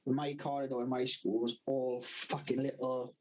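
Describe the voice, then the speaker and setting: Husky Welsh man telling rough stories. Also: medium pitch, flat delivery, moderate pace, a little mellow, rough recording. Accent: South Wales Valleys. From Wales. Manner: swears constantly, laughs through his stories. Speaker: podcast co-host. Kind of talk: casual storytelling chat.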